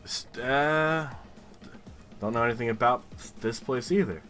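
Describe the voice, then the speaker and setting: A man's voice: mid-range voice, measured pace, fairly bright tone, soft background music. A young man from New York commentating his own gameplay, exasperated and ranting with lots of swearing. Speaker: gaming YouTuber.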